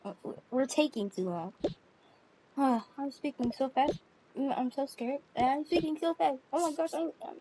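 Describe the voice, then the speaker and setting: High-voiced woman in noisy pretend play. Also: moderate pace. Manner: chatty, bossy mother figure. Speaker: toy role-play narrator. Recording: noisy home recording with clicks.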